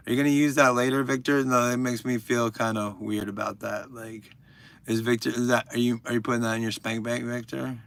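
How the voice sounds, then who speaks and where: A man's voice: mid-range voice, creaky, pushed and bright. A man in his thirties hosting a livestream, casually reading viewer comments and answering them with crude, rambling jokes. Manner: joking, crude and rambling, addressing viewers by name. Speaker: livestream host.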